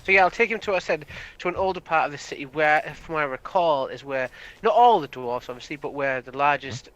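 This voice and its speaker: Bright man rambling through a description. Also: fairly high pitch, fairly quick, low-quality recording. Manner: rambling, hesitant, lots of "like". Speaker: tabletop game player. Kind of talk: casual in-game description.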